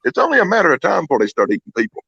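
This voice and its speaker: Guy, gravelly and lively, profane yarn-spinner on a dull, lo-fi line. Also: fairly high pitch, racing. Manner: profane, animated storyteller who acts out the people in his stories. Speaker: guest storyteller. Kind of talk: casual storytelling chat.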